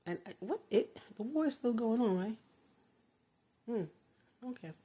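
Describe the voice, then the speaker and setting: A woman's voice: a little high, expressive, unhurried, dark tone, slightly rough. An older retired woman chatting casually from her bedroom, rambling and laughing often. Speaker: vlogger. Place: her bedroom, door closed.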